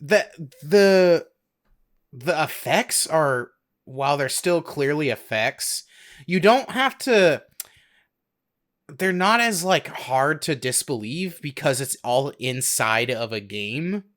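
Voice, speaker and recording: A man's voice: a little high, animated, slow, fairly bright tone. A young man co-hosting a podcast in casual chat, hesitant, often stammering and restarting his sentences. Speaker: podcast co-host.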